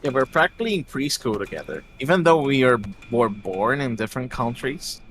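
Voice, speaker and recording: Guy w a bright sharp voice, kinda halting and giggly, chatting w friends. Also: medium pitch, expressive, slight background noise. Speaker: stream guest. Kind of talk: casual chat while gaming.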